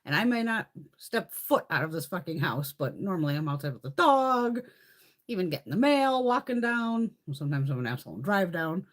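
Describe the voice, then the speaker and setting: A woman's voice: fairly low pitch, brisk. A middle-aged woman hosting a beauty livestream, chatting casually, swearing freely and answering viewers. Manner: animated, swears freely, chats with live viewers.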